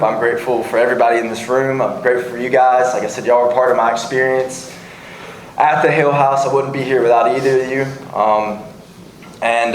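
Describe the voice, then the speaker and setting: A young man sharing his recovery story at a support meeting, earnest and halting, often restarting his sentences. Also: medium pitch. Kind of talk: personal testimony at a recovery meeting. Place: meeting room. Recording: echoey room, faint background hum.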